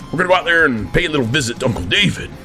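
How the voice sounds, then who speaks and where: A man with a drawl preaches a heated rant into his camera from an office. His voice is bright and edgy with a gravelly fry. The pitch leaps and dives as he stammers through restarts. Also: animated, rapid-fire, soft background music. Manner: preachy, repeatedly addresses "friends", stammers when worked up. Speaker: vlogger in the persona of a command sergeant major.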